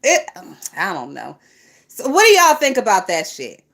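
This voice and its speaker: A woman's voice: medium pitch, wildly swooping pitch, normal speed, gravelly, a bit bright. A woman hosting a gossip livestream, talking casually and profanely with lots of laughter and mocking asides while reading viewer comments.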